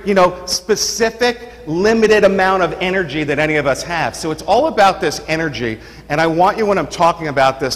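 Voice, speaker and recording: Forties New York man, chatty energetic presenter, reverberant hall sound. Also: a little high. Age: 40s. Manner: energetic, chatty, lots of "you know" and "right". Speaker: seminar presenter. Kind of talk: live seminar talk. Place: seminar room.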